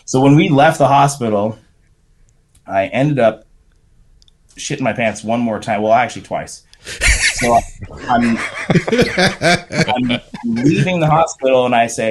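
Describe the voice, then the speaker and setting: A middle-aged man, a podcast guest, telling a profane, animated story in casual talk. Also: medium pitch, measured pace, pauses often. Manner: profane, animated anecdote with shouted quotes.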